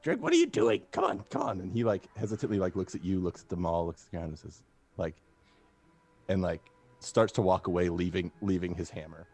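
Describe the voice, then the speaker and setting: A man narrating as game master of a tabletop game, halting and hesitant, with fillers. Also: low voice, steady tone, a little mellow.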